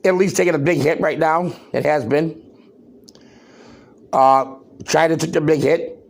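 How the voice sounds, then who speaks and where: A man's voice: a little high, measured pace, vocal fry. A man hosting a podcast, delivering worked-up, emphatic commentary and firing off rhetorical questions. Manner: loud, worked-up. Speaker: podcast host. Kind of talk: ranting commentary.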